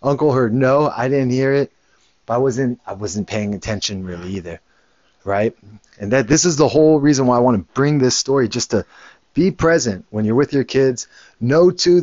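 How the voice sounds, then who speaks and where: A man's voice: mid-range voice, animated, normal speed, darkish tone, no echo, dull audio. A man, a father, telling a casual story in a rambling way, with many restarts and the odd curse word. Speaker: father and show host.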